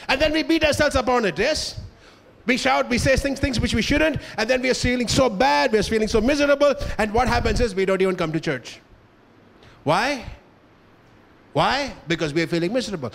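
Fervent high-pitched male pastor preaching. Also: vocal fry. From India. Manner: passionate, emphatic, questions the congregation. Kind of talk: sermon. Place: church hall.

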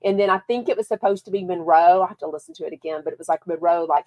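A woman's voice: fairly low pitch, fast talker, hardly any pauses. Chatty Texan woman podcast host. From Texas. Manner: chatty, lively, reads viewer comments aloud. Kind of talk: casual chat.

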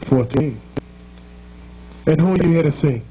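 A man's voice: fairly high pitch, a little slow, dark tone, breathy edge, rough recording. A man with a Jamaican accent hosting a live show, joking and teasing his crowd in a playful, chatty way.

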